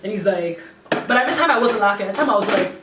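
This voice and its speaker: Animated woman telling a storytime. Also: mid-range voice, fast. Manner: animated, emphatic, slangy storytelling; doing her makeup while talking. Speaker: beauty vlogger. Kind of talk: get-ready-with-me storytime. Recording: roomy, distant mic, faint noise.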